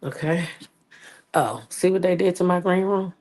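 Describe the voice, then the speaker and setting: Low-voiced woman with a sniffly cold. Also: normal speed, a little mellow, low-quality recording. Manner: chatty, greets viewers by name. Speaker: live stream host. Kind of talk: casual live stream chat. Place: outdoors in her backyard. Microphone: phone on a selfie stick.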